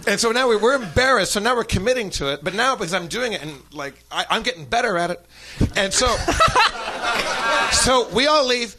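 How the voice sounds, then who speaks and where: A man's voice: very high voice, normal speed, a crowd in the background. A man from Milwaukee telling a story on a podcast, stammering and repeating words and laughing as he goes. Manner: stammering, animated, laughs through stories. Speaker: podcast guest telling stories. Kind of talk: casual storytelling chat.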